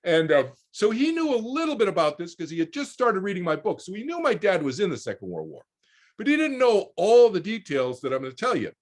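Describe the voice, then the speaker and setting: A man's voice: high-pitched, huge pitch swings, brisk. A man in his sixties telling a personal story as a guest on a video call, rambling with repeated words and restarts. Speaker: guest speaker.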